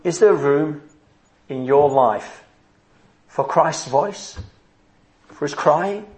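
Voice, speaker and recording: A man's voice: a little high, a little mellow. A man preaching a sermon at a church service, earnest and driving his points home with rhetorical questions. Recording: roomy echo.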